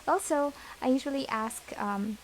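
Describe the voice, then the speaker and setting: A woman giving a gentle, reassuring pick-a-card tarot reading, talking to her viewers with many fillers. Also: high-pitched, moderate pace, a little hiss or hum, poor audio. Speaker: tarot reader.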